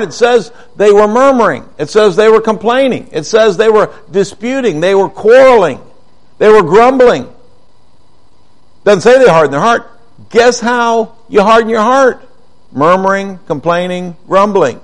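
A high-pitched man delivering a sermon in an easygoing, conversational way. He reads scripture aloud and keeps pressing his listeners with rhetorical questions. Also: moderate pace. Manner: conversational, animated Bible teaching with rhetorical questions. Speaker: preacher.

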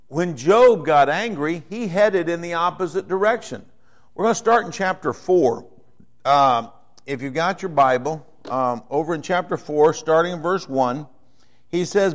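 A middle-aged man preaching a sermon in a conversational way, growing animated as he acts out the people in his story. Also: on the high side, unhurried. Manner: conversational, rising to animated when voicing characters. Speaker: pastor.

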